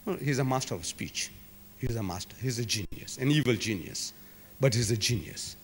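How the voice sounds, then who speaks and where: In an echoey recording from a large civic hall, a man from South Africa gives a public lecture to a live audience. His mid-range voice is expressive and moves at normal speed, and the delivery is emphatic and dramatic, full of repetition and rhetorical flair.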